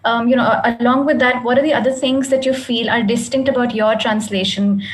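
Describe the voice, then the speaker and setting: A woman's voice: a little high, steady tone, brisk, poor audio. A woman interviewing a guest author at a festival, asking earnest, searching questions. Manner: earnest, searching, tentative phrasing.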